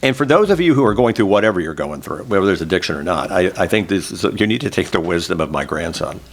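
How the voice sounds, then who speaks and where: Interview guest, middle-aged man from Oklahoma, low voice, emotional and open. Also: animated, quick pace. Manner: emotional, candid storytelling, close to tears. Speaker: interview guest, former state senator. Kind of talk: oral history interview.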